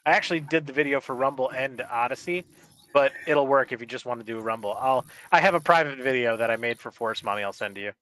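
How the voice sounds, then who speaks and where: A man's voice: medium pitch, quick pace, a bit bright. A man co-hosting a casual podcast chat, telling stories in a profane, joking way. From Upper Peninsula of Michigan. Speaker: podcast producer and co-host.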